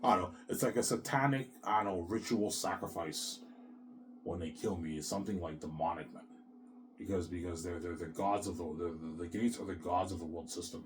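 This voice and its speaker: A man's voice: sits low, a little fast, noisy background. A man in a rambling, emotional monologue, agitated and repetitive, swearing often and tacking "man" onto his sentences.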